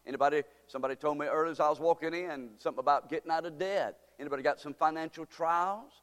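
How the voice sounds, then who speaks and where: A male pastor preaching a sermon, reading scripture slowly and with emphasis, calling on the congregation to respond, then praying. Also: a little high. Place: church sanctuary. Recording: reverberant hall.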